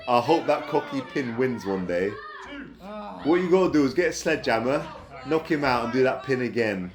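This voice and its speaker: A man calling a wrestling match play by play, excitable and breaking into high yelps at big moves. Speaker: wrestling commentator. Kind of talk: play-by-play commentary. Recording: commentary over loud music.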